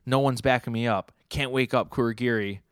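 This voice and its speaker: A man's voice: medium pitch, steady tone, brisk, clear, resonant tone, dry recording, studio quality, lightly acted. A man reading comic lines aloud while voicing a worn-out young male villain with a lizard-like look, talking in a strained, desperate way.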